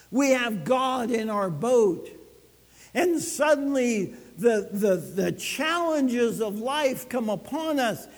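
A man preaching a sermon, telling a story with dramatic swings between loud and soft. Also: extremely high pitch, in a large hall. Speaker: pastor.

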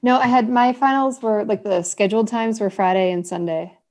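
A woman's voice: mid-range voice, fairly even intonation, normal speed, a little mellow. A woman in casual chat, answering briefly about her class schedule. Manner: brief replies and short explanations.

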